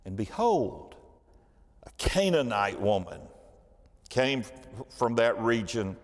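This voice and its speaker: A man's voice: mid-range voice, very animated, slow pace, pauses often, long reverb tail. A man teaching a church Bible study class, telling the story with animation and asking the class questions. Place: church hall.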